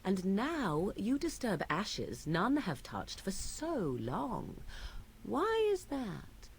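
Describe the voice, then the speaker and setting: Haughty young witch of the wilds, slow and archaic, lively lilt. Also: medium pitch, slight background noise, exaggerated voice. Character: aloof mysterious young witch woman of the wilds.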